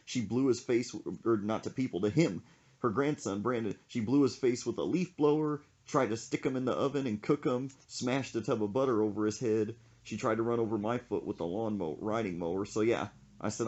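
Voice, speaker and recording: A man's voice: lowish voice, brisk, muffled recording. A man hosting a casual chat podcast, telling a story with frequent laughs and acted-out quotes. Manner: animated, laughs often, acts out quotes. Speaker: podcast host.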